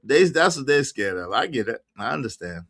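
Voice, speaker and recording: A man hosting a livestream show in a loose, joking way. His voice is bright and forceful, and it swings from teasing to loud shout-outs at his viewers. His pitch sits in the middle for a man. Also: very animated, brisk, creaky. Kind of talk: casual livestream chat.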